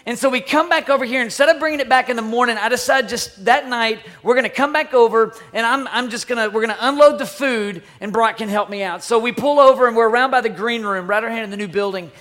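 A middle-aged man preaching, telling a personal story in a dramatic, animated way with sudden shouts and hushed asides. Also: very high voice, fast, few pauses. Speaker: pastor. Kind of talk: sermon storytelling.

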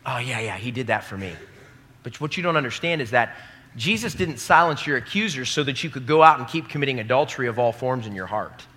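Young male preacher, bright and forceful, emphatic sermon delivery with crowd call-and-response, long hall reverb. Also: mid-range voice. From American Midwest. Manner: emphatic, rising to loud peaks, calls the audience to repeat lines. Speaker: pastor. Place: large hall before a live congregation.

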